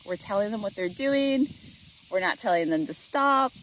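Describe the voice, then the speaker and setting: A woman giving an instructional talk to parents and caregivers, explaining gently and acting out example phrases with exaggerated inflection. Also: medium pitch, lively intonation, normal speed, a little hiss or hum, rough recording. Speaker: parenting educator.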